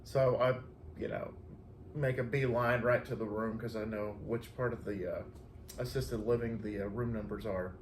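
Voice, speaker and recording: A man's voice: on the low side, steady tone, normal speed, roomy sound, a little hiss or hum. A man, a flower delivery driver, casually telling stories from his day, chatty and laughing often. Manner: chatty, laughs often, acts out quoted voices. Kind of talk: casual storytelling chat.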